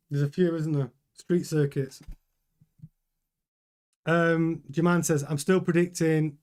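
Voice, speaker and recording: A man's voice: fairly high pitch, darkish tone. A man hosting a live motorsport news stream, chatting casually, reading out viewer comments and thinking aloud with many fillers and restarts.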